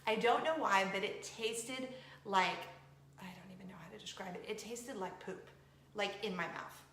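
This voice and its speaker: A woman's voice: medium pitch, moderate pace, a bit bright. A woman, hosting a casual weekly coffee chat and retelling everyday mishaps with self-mocking drama. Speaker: host of a weekly coffee talk show. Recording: roomy echo with faint room noise.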